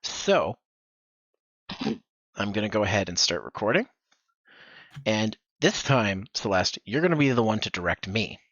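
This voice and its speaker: A man's voice: fairly low pitch, very animated, a little slow, pauses often, fairly bright tone, dry recording. Man on a dull, dry headset mic. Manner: encouraging, directs with demo readings. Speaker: voice acting workshop host and director. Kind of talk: instructive streaming chat. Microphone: gaming headset mic.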